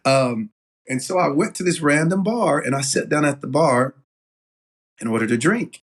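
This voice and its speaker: A man, a business owner telling stories as an interview guest in a casual, animated way with lots of fillers and restarts. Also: on the high side, moderate pace. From Knoxville, Tennessee.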